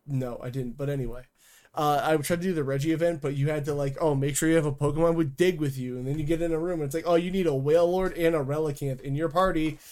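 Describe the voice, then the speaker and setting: A man's voice: fairly high pitch, fairly even intonation, quick pace, a little mellow. A young man hosting a casual gaming podcast, sarcastic and crude, talking loosely with lots of fillers. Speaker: podcast host.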